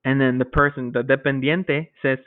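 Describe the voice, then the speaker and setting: A man teaching a Spanish vocabulary lesson to his class, explaining each word step by step and often checking with a quick "okay?". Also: mid-range voice, fairly even intonation, dry recording. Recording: tinny phone-like audio.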